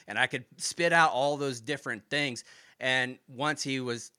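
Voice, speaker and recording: Bright-voiced, profane ex-Marine man. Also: mid-range voice, normal speed, no echo, studio quality. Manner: profane, animated retelling with quoted dialogue. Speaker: podcast guest, former Marine. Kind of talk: casual storytelling interview.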